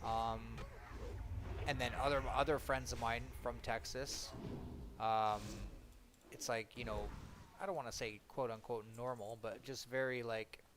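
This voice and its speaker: A man from Ontario chatting casually on a game stream, answering viewers' comments in a loose, rambling way. His voice sits at an ordinary middle pitch. Faint game sounds hum behind him. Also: steady tone, measured pace. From Ontario, Canada. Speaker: gaming streamer. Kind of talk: casual chat with live chat while gaming.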